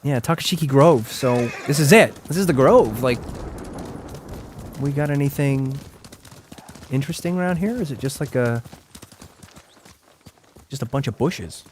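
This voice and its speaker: A man's voice: medium pitch, measured pace, pauses often, a little hiss or hum. A man streaming a game live, chatting casually and rambling with lots of "like" as he plays. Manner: chatty, rambling, heavy use of "like". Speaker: gaming streamer. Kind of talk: casual live gameplay commentary.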